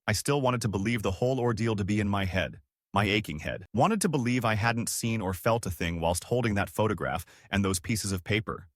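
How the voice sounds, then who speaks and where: A young man narrating a horror story in a dramatic, expressive way. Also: lowish voice, brisk, no echo, studio quality. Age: young adult.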